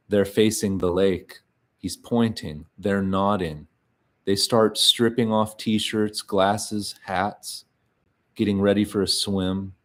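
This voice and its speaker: A man giving a measured, quiet reading of literary fiction in the first person, pausing often between short phrases. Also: lowish voice, steady tone. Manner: slow, measured, quiet delivery with frequent pauses.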